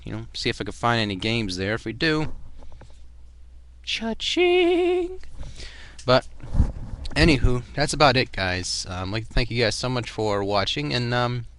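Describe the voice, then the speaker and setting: A man's voice: mid-range voice, a little fast, sharp tone, slight background noise. A young man with a Boston accent, chatting casually in a rambling vlog full of fillers and restarts. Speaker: vlogger.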